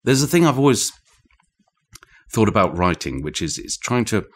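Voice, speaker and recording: A man's voice: on the low side, sing-song, normal speed. A man with a British accent, an author being interviewed, explaining ideas in a thoughtful, digressive way with frequent restarts. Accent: British English. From Britain. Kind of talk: conversational explanation. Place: indoor room shared with the host.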